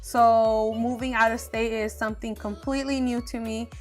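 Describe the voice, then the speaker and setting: A woman's voice: a little high, flat delivery, normal speed, soft background music. A young woman from Arizona chatting casually in a get-to-know-me Q&A, candid and chatty with frequent fillers. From Arizona, USA. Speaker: beauty vlogger.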